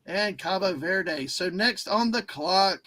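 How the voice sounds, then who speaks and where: A man's voice: sits high, lively intonation, slow pace, a crowd in the background. A man hosting a casual livestream who rambles and keeps interrupting himself. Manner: rambling, easily distracted, self-interrupting. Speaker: livestream host.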